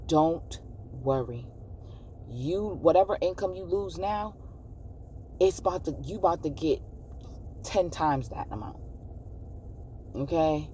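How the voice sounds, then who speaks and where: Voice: mid-range voice, a little mellow, distant mic, slight background noise. A tarot card reader giving a casual, encouraging pick-a-card reading to viewers, often checking in with "okay?".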